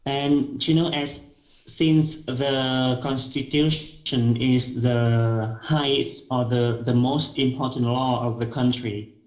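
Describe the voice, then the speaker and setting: Male English learner, slow and halting, roomy muffled recording. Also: medium pitch, fairly even intonation. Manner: slow and halting, with many "uh" pauses. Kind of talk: reading aloud and answering a tutor.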